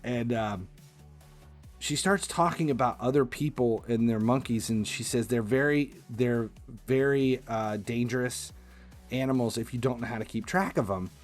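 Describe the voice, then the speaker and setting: A man hosting a livestream, telling a casual anecdote in an animated, exasperated way with casual swearing. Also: medium pitch, moderate pace, faint music behind. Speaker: livestream host. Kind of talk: casual storytelling.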